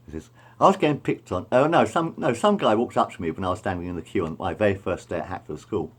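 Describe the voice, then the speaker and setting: Low-ish voiced middle aged guy rambling on about the old days, keeps repeating himself. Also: animated, fast talker, breathy edge. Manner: repetitive, meandering, self-correcting. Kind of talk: rambling personal storytelling.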